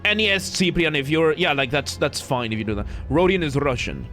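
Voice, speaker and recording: A man's voice: fairly high pitch, big pitch swings, fairly quick, a bit bright, soft background music. A man streaming a game, chatting casually and joking with chat in a rambling, self-correcting way. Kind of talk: casual live-stream commentary.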